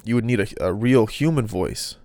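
A man's voice: on the low side, normal speed, dark tone, no room sound. A man hosting a casual solo podcast, rambling through off-the-cuff thoughts. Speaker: podcast host.

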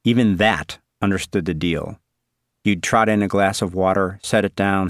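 A man narrating a literary story in a measured, wry, inward way. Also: sits low, fairly even intonation, no room sound, clean studio sound.

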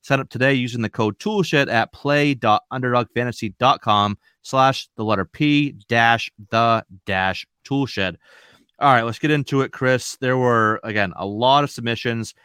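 Man, New England accent, podcast host, bright tone, dry close sound. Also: medium pitch, moderate pace, smooth, no room sound. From Maine. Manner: chatty, relaxed, rambling with fillers. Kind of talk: casual podcast chat.

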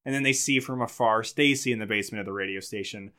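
A man's voice: lowish voice, fast talker, bright, forceful tone. A man co-hosting a podcast, recapping a movie in casual, sarcastic chat and acting out the characters' lines. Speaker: podcast co-host.

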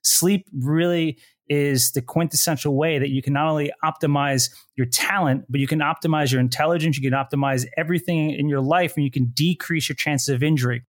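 A man's voice: on the high side, steady tone, fairly quick, no echo, clean studio sound. A man hosting a podcast interview who talks in an enthusiastic, motivational way. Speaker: podcast host.

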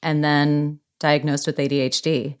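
A woman hosting an interview with an unusually deep voice. She asks questions in a reflective, somewhat hesitant way. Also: flat delivery, a little slow. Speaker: interview host. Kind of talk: conversational interview.

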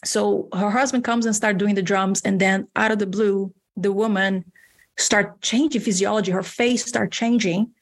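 Female guest, health coach; husky tone, animated casual storyteller who acts out dialogue. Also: mid-range voice, moderate pace. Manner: animated, acts out quoted dialogue, frequent restarts.

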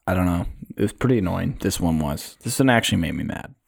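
A young man, co-hosting a podcast, telling stories in a casual, animated way. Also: sits low, fast, creaky, slightly rough, no room sound, clean studio sound. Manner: storytelling, animated retelling with put-on quotes. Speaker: podcast co-host. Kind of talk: casual chat.

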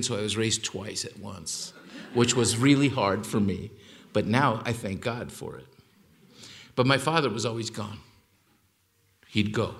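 Man, 60s, from Mexico. Animated storyteller at a talk, mid-pitched voice that leaps up on the punchlines. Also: a little hiss or hum. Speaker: author giving a talk.

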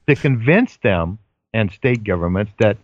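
Older male guest, earnest storyteller, low-ish dry voice, muffled audio. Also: very animated, unhurried. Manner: earnest storytelling, hesitant fillers. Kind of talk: casual chat.

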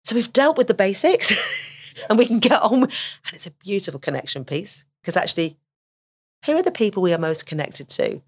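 A woman's voice: deep voice, a little fast. A middle-aged woman giving conversational advice as an autism specialist, often acting out what children and teachers say. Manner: animated, acts out quoted speech.

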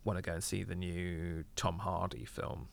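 A man's voice: low voice, level tone, moderate pace, creaky. A man hosting a podcast, talking casually in a rambling way with frequent fillers. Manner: rambling, with many fillers and restarts. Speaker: podcast host.

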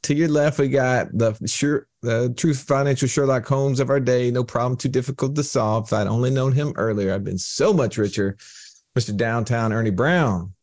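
A man's voice: mid-range voice, moderate pace, darkish tone. A Texan man hosts a casual round-table chat with a playful, joking manner. He introduces guests with flashy nicknames and laughs easily. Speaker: podcast host. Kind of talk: casual panel discussion.

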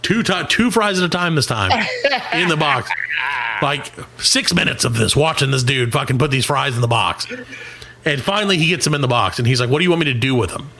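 A middle-aged man on a comedy podcast telling a long story in a casual, animated way, swearing and acting out what other people said. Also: medium pitch, brisk. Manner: animated, swearing, acts out quoted voices. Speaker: podcast co-host.

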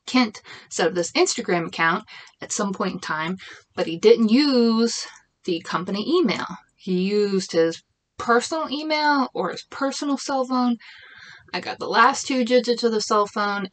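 Chatty, rambling woman venting. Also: on the high side. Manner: rambling, chatty, frequent restarts and "like"; exasperated venting. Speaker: small business owner. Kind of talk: casual chat.

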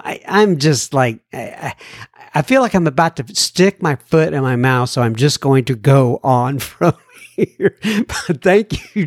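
A man's voice: a little high, no echo, clean studio sound. A man hosting a podcast, reading listener letters aloud in a playful, chatty way and addressing each writer by name. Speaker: podcast host. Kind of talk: casual podcast chat reading listener mail.

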